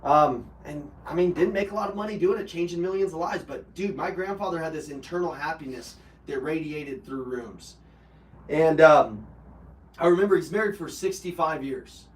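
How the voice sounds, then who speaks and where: A fairly high-pitched man talks at a moderate pace as host of a live personal development call. Bluntly recounting an emotional experience, he swears and drops fillers, and the audio is roomy and far from the mic.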